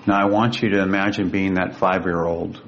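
A man with a gravelly voice, a guest telling a personal story in an earnest, vivid way. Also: little pitch movement, a little fast. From Sacramento, California. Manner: earnest, vivid, emotional retelling. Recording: dull lo-fi with faint rumble.

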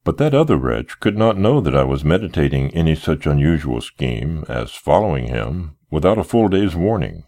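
Male audiobook narrator, deep and lively, expressive first-person reading of period fiction. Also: normal speed, few pauses.

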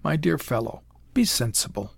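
A smooth, condescending mad-scientist doctor , as a male reader voices him, calm and cheerfully cruel. The voice sits in a middling pitch, and it is recorded dry, close and clean. He sounds like a storybook villain from a pulp tale. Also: moderate pace, dry recording, exaggerated voice. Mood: coolly threatening.

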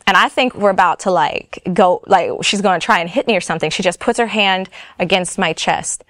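A woman's voice: on the low side, brisk, fairly bright tone, no echo, studio quality. A woman casually and frankly telling a personal testimony, her speech full of "like" and "you know". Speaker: storyteller.

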